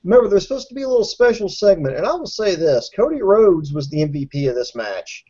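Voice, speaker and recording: Mellow-voiced sarcastic man. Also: sits high, very animated, fast talker. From Alabama. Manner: dry, sarcastic. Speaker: podcast co-host. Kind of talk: casual wrestling review chat. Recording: dull lo-fi audio.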